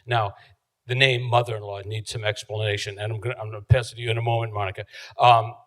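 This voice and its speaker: A man from Chicago co-presenting his book at a live event, measured and dryly humorous. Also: on the low side, level tone, poor audio. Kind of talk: live book talk to an audience.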